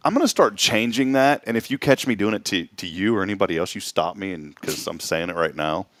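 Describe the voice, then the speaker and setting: Guy hosting a morning show, goofy and animated, dry studio mic. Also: low-pitched, fast, dry recording. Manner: playful, jokey, animated. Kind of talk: casual chat.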